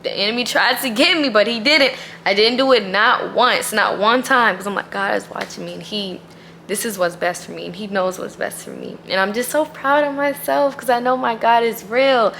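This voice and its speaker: A woman's voice: fairly high pitch, moderate pace, gravelly, fairly bright tone, a little hiss or hum. A woman vlogger talking casually and earnestly about her faith, emphatic and full of "like.". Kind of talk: casual faith vlog talk.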